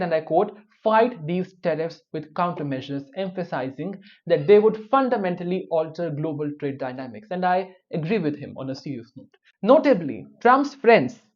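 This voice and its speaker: A man hosting a live news commentary show, reading headlines and adding wry personal asides. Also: on the high side. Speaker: host. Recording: dull lo-fi audio.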